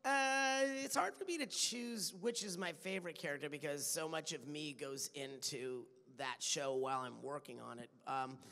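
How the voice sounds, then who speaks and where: A man with a fairly high, bright, forceful voice chats playfully and laughs a lot while answering fans. The sound carries a long, echoey hall reverb from a large convention room. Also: moderate pace, hardly any pauses. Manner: chatty and playful, laughs often. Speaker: voice actor on a convention panel. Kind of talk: casual panel answers.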